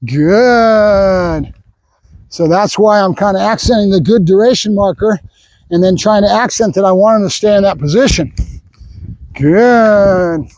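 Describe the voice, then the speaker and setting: A man training a dog, explaining his method out loud while praising the dog. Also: sits high, no room sound.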